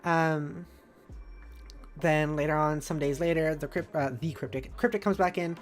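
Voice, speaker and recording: A woman streamer rambles casually through a live stream, full of fillers and bubbly asides. Her voice sits unusually low for a woman, and soft music plays faintly behind her. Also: steady tone, measured pace.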